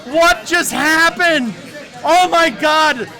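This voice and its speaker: A man casting a live tournament game, shouting in hyped excitement, with a cheering crowd and music behind him. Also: extremely high pitch, extremely slow. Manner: shouting, hyped, loud exclamations. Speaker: esports caster.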